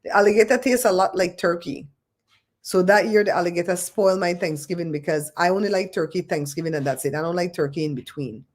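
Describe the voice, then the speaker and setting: A woman hosting a casual livestream, chatting and telling stories in an expressive way. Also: lowish voice, quick pace. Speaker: livestream host.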